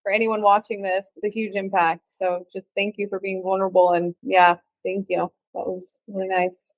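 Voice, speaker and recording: A woman host chats casually and encouragingly with her guest. Her voice is mid-pitched. The sound is dry, with no echo. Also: flat delivery, moderate pace, few pauses. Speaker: interview host. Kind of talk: casual interview chat.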